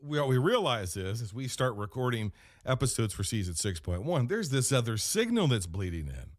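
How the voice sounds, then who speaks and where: Podcast host guy rambling deadpan through a comedy bit, mid pitch, bouncy lively voice. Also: moderate pace, no room sound, studio quality. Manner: rambling, deadpan storytelling with self-corrections. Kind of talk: comedic in-character monologue.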